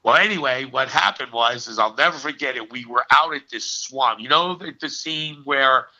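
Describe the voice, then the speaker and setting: A man in his sixties, an actor guest, telling stories as an animated raconteur who punches his lines with "okay.". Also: medium pitch, moderate pace. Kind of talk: storytelling in a casual interview. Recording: dull lo-fi recording.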